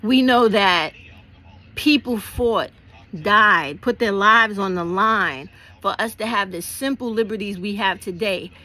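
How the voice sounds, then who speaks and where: A woman's voice: medium pitch, measured pace, bright, forceful tone. A woman talking bluntly and passionately to her viewers, swearing freely as she explains civic action. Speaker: vlogger. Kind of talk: casual political talk to camera.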